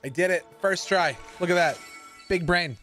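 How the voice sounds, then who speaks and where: A man's voice: high-pitched, normal speed, a bit bright, soft background music. A man in his thirties, a livestream gamer chatting casually with viewers in a sassy, sarcastic way. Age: 30s. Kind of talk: casual stream chat with viewers.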